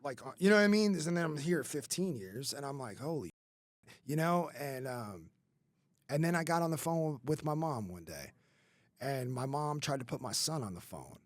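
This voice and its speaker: A man's voice: mid-range voice, sing-song, normal speed, dry recording, clean studio sound. A man in his thirties telling his life story on a podcast, casual and rambling, with many fillers and swearing. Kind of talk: candid conversational storytelling.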